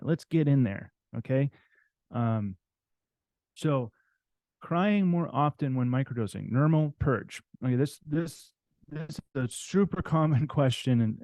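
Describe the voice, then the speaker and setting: A man presents to a live audience in a warm, relaxed tone. He repeats his key phrases and keeps checking in with "okay?" and "right?". The recording is dry and close. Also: mid-range voice, no echo. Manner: repetitive, coaxing, tag questions like "okay?".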